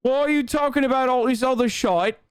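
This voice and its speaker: A man's voice: extremely high pitch, a little fast, clear, resonant tone, dry recording, pitched above the performer's own voice. A man putting on a mock British accent to play a rowdy, profane British man ranting about the news. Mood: angry ranting. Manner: profane, shouting slang.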